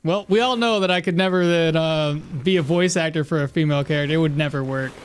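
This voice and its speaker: A man's voice: fairly high pitch, quick pace, smooth. A man giving casual, rambling gameplay commentary as a streamer, often laughing at himself. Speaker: game streamer.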